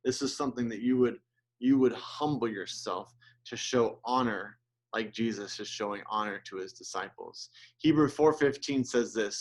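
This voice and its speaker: A man's voice: medium pitch, moderate pace. Earnest, conversational male pastor preaching. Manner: earnest, gets emotional and choked up; conversational with restarts and asides. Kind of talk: sermon.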